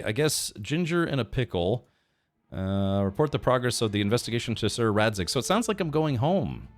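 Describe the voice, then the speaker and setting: Rambling man streaming a game. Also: on the low side. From United States. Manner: rambling, thinks aloud with many fillers and restarts; reads chat and quest text aloud. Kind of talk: casual livestream chat while gaming.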